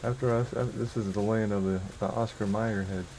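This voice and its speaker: A man's voice: on the low side, fairly even intonation, brisk, vocal fry, a little mellow, slight background noise, rough recording. A man chatting casually while streaming a game live, rambling loosely, with many fillers and frequent chuckles. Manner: rambling and loose, with lots of "like" and "bro"; chuckles often while talking. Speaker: gaming streamer.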